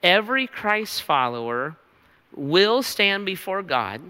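A man's voice: sits high, very animated, slow pace, sharp tone, clear, resonant tone. A man preaching a sermon as pastor, earnest and emphatic, teaching from scripture. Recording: reverberant hall.

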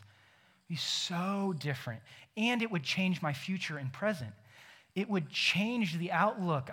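A young man preaching a sermon, animated and emphatic, acting out imagined conversations. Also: high voice. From Ohio. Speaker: pastor.

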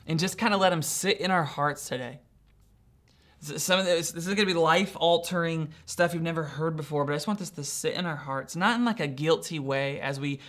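A man's voice: fairly high pitch, a bit bright. A male pastor preaching a sermon in an informal, conversational teaching style.

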